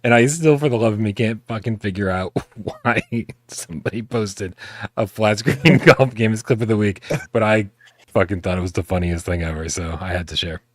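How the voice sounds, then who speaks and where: A man with a low voice hosting a live podcast in relaxed casual chat. He sounds laid-back and swears freely, and his voice is dry and close with almost no room sound. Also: moderate pace, no echo. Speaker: podcast host.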